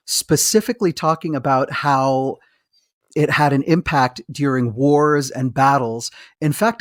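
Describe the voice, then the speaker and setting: A man's voice: on the high side, dry recording, clean studio sound. A man co-hosting a medical history podcast, chatting enthusiastically and rambling with asides and restarts. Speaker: podcast co-host, physician. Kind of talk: casual chat with a read-aloud book passage.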